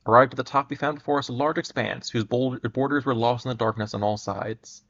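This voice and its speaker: A man giving a dramatic reading of an old adventure story at a measured pace, sometimes stumbling and restarting words. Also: mid-range voice, steady tone, a bit bright. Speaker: reader. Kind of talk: dramatic reading of pulp fiction. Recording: muffled lo-fi recording.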